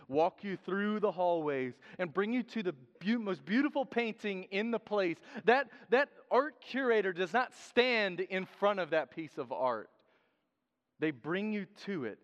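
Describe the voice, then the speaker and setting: A man preaching a sermon in a lively, joking way, acting out quotes in different voices. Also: on the high side. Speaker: pastor. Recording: dull sound with long hall reverb.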